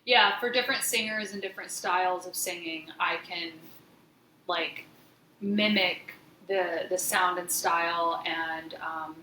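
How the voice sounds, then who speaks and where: A woman's voice: fairly low pitch, a little slow, sharp tone. A woman in a casual chat, speaking thoughtfully and searching for words. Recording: echoey room with faint noise.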